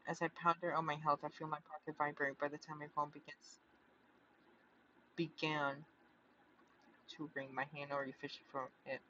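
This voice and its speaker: A man's voice: fairly high pitch, flat delivery, normal speed, pauses often, bright, forceful tone, highs cut off, slight background noise. A man reading a visual novel aloud, often stumbling and restarting, with chatty asides.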